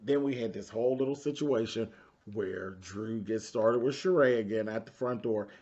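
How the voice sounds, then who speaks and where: A man's voice: fairly low pitch, normal speed, dull audio. Sassy man recapping reality TV. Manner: sassy, animated, talks straight to viewers. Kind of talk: casual TV recap commentary.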